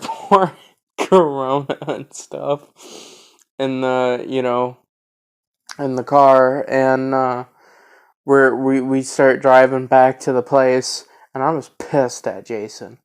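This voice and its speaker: A man's voice: mid-range voice, flat delivery, slow pace, smooth. A man in his twenties telling a story casually, rambling with lots of fillers and restarts. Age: 20s.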